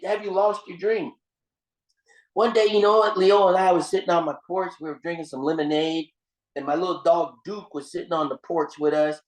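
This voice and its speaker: Speaking at a normal speed in a high, steady voice, a man delivers a motivational seminar in a space with roomy echo. He preaches, repeats phrases, and addresses the audience as "gang," telling his story with restarts and emphatic swings.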